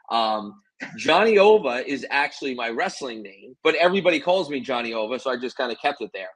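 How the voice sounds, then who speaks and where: A former pro wrestler telling stories in a relaxed interview, animated and boastful. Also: male voice, medium pitch, husky, dry recording, low-quality recording. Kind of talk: casual interview storytelling.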